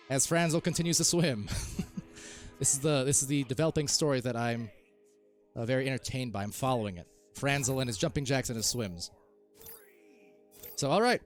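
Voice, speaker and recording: A man casting a live esports match, calling plays quickly and rising to shouts when goals are scored. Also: medium pitch, faint music behind. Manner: excitable, rises to shouts on goals. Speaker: esports caster. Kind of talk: live play-by-play commentary.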